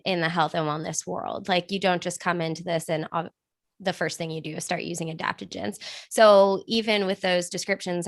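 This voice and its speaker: Woman podcast host on a video call, guides the panel, shares personal stories, lowish voice, dry close sound. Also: no room sound. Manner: friendly, guiding, personal anecdotes. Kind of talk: casual hosted panel chat.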